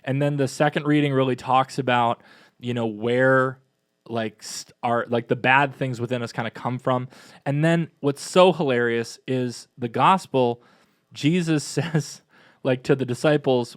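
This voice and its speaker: A man co-hosting a parish podcast in a casual, chatty and upbeat way, with quick asides. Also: mid-range voice, clear, resonant tone, dry recording, clean studio sound. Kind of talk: casual chat.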